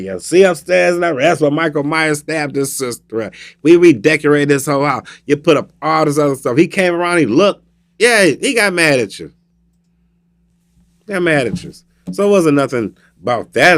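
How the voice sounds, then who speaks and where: Animated Southern man riffing on movies. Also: fairly high pitch. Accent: Southern American. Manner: animated storytelling, acts out scenes. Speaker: radio show host. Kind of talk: casual comedic monologue.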